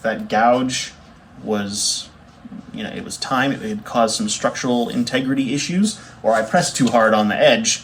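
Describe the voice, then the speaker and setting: A young man, a bassist chatting casually to camera in a rambling, easygoing way with fillers and self-corrections. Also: a little hiss or hum. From Canada. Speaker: bassist showing his record collection.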